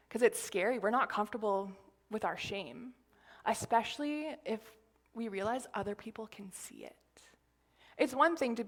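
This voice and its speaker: Chatty woman giving a casual sermon. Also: on the high side. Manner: chatty and rambling, many fillers and asides; drops to a hushed whisper for quoted lines. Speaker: church speaker sharing a message. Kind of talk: informal sermon talk.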